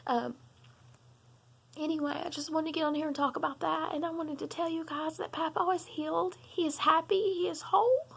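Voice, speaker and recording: Tearful high-voiced woman, gravelly. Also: fairly even intonation. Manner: earnest and halting, many pauses and ums. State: tearful, sobbing. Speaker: vlogger. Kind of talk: personal confessional vlog.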